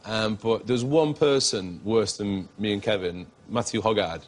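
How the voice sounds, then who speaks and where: A man's voice: on the low side, normal speed. A middle-aged man, telling anecdotes as a guest in a TV interview and laughing often.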